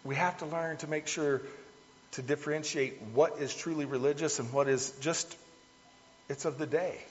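Speaking to his congregation like they're just folks, a man delivers a sermon in a relaxed, homespun style. He has a fairly high pitch, fairly even intonation and a normal speed. A long hall reverb trails through the dull, lo-fi recording.

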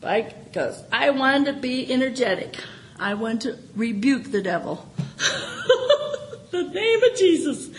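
A middle-aged woman giving an informal sermon testimony, animated and laughing, swinging from excited exclamations to low murmurs. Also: slow pace, pauses often, a little hiss or hum, rough recording. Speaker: church speaker.

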